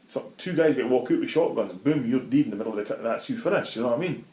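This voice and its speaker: A man's voice: mid-range voice, expressive, quick pace, hardly any pauses, mellow. A middle-aged Scottish man telling a vivid, swear-laden story as an interview guest in casual talk. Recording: roomy echoey room.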